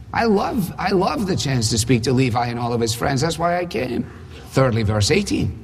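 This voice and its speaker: A man's voice: mid-range voice, very animated, moderate pace, slight background noise. A man preaching a sermon, emphatic, with rhetorical questions and dry humor. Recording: husky voice in reverberant hall.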